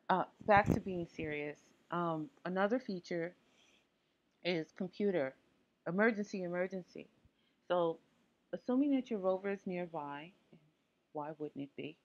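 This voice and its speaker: A woman hosting a tech tutorial, explaining features in a chatty, casual way with frequent asides. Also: on the low side. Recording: dull lo-fi audio.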